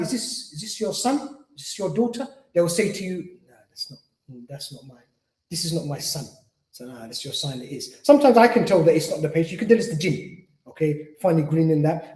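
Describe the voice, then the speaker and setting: High-voiced guy giving an islamic lecture, repeats himself a lot, echoey hall. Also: darkish tone. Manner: repetitive, earnest, acts out quoted patients. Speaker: Islamic teacher. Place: lecture room at an Islamic centre. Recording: roomy echo.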